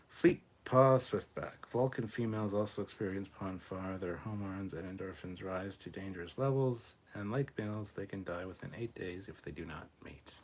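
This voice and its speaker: Deep husky-voiced guy hosting a chill livestream, reading out chat comments and cursing casually. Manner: relaxed, swears freely, reads viewer comments aloud.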